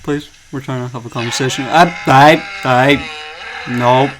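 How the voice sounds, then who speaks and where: A man's voice: medium pitch, fairly even intonation, unhurried, a crowd in the background. A young man hosting a casual podcast chat, telling stories conversationally, laughing often and swearing freely. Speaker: podcast host.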